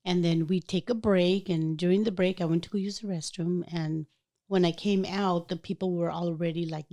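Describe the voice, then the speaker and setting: A woman podcast host chats casually, animatedly telling a personal story and acting out the voices of the people in it. Her pitch is fairly low and she speaks at a normal speed.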